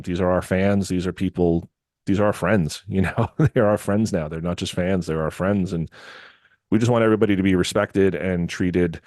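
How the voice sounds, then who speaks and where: A man hosting a podcast, talking in a relaxed, easygoing way and laughing often. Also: low voice, no room sound, studio quality. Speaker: podcast host. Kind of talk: casual podcast sign-off and chat.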